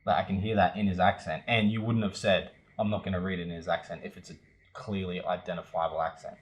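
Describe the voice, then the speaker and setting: A man's voice: sits low, fairly even intonation, quick pace. A man co-hosting a podcast, guessing quiz answers aloud in casual banter and second-guessing himself. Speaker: podcast co-host.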